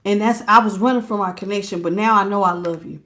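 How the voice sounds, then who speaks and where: A woman giving a live tarot reading, chatty and quick to laugh as she talks straight to her viewers. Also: medium pitch, sharp tone. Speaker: tarot reader.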